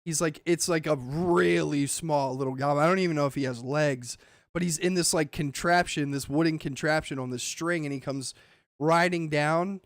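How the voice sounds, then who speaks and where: A man hosting a casual podcast chat, animated and swearing, acting out movie lines as he goes. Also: a little high, moderate pace, no room sound, studio quality. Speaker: podcast host.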